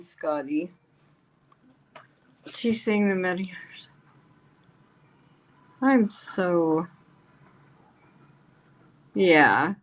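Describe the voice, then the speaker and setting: Slow-talking woman hosting a live stream. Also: lowish voice, fairly bright tone. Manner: chatty, emphatic, reacts aloud to comments. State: voice getting worn. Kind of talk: casual live-stream chat, reading viewer comments aloud.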